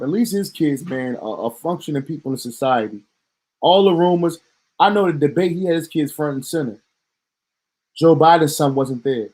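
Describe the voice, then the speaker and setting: Male vlogger, slightly high voice, indignant profane rant. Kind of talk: heated commentary rant.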